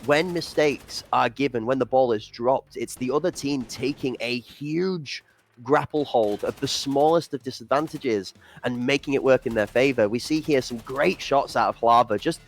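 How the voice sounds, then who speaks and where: A man casting an esports match live, talking quickly in long run-on sentences and tripping over his words. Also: medium pitch, gravelly. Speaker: esports caster.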